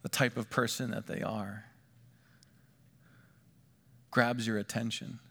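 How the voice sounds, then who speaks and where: A middle-aged man preaching a sermon as pastor, moving between hushed, quiet asides and lifted, emphatic lines. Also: mid-range voice, level tone, slow pace.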